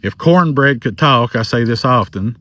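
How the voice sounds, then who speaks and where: A man in his forties with a thick Southern drawl, talking slowly and earnestly to camera about his faith and his channel. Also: medium pitch, expressive, sharp tone, no echo. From American South. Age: 40s. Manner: slow, earnest, faith-filled. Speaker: paranormal content creator. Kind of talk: personal testimony to camera.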